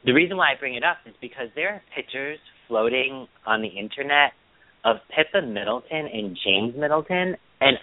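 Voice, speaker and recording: A man co-hosting a casual podcast, telling a story in long rambling turns and acting out quoted lines in a high mocking voice. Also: expressive, normal speed, no echo. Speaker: podcast co-host. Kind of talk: casual chat. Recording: dry, tinny phone-line sound.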